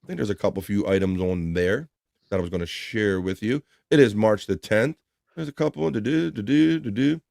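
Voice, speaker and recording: A man's voice: on the low side, animated, brisk, gravelly, a little mellow, dry recording, studio quality. A man from the Baltimore area with a Baltimore accent, hosting a casual livestream and reading viewer comments aloud in an easygoing, chatty way. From Baltimore area, United States. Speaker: livestream show host.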